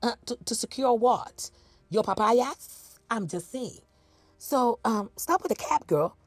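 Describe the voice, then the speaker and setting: A woman's voice: a little high, lively intonation, takes it slowly, noisy background. A woman giving sarcastic, scolding reaction commentary on video clips, mocking and challenging the person she watches.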